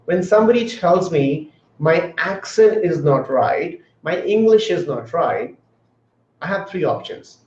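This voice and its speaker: A man's voice: a little high, expressive, measured pace, darkish tone. A man hosting a motivational livestream, talking earnestly, repeating himself and greeting viewers by name. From grew up in another country. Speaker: livestream host. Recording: echoey room, dull lo-fi sound.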